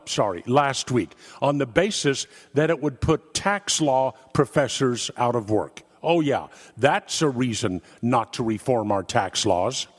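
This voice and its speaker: A man's voice: mid-range voice, long reverb tail. An older man, a talk radio host, giving an emphatic, sarcastic political monologue and acting out quoted conversations.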